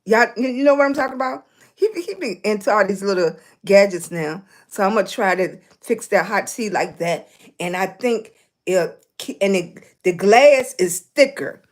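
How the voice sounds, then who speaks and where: A middle-aged woman, hosting a casual livestream and greeting viewers warmly as baby and sweetie, hoarse and clearing her throat from a cough. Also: mid-range voice, normal speed. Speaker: livestream host.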